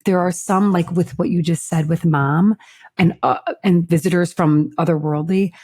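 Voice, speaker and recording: A woman's voice: on the low side, fairly even intonation, normal speed, a little mellow, no echo, clean studio sound. A middle-aged woman co-hosting a podcast in casual chat, frank and chatty, swearing now and then. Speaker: podcast co-host.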